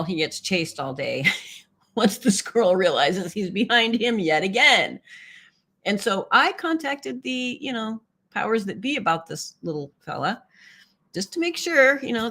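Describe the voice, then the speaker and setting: A woman's voice: mid-range voice, expressive, a little slow, fairly bright tone. A woman hosting a casual live stream, chatting with viewers, often laughing and reading their comments aloud.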